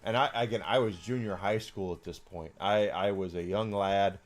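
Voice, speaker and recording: A man's voice: on the low side, steady tone, normal speed. Rambling, outspoken man streaming a game. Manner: rambling and outspoken, with many fillers. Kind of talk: casual chat while gaming.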